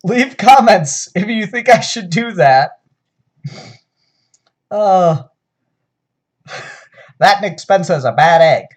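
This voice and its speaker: A man's voice: high voice, lively intonation, slow pace, pauses often. A man reviewing comic books in a loose solo chat. He sounds sarcastic and exasperated, full of sighs, ums and wry asides.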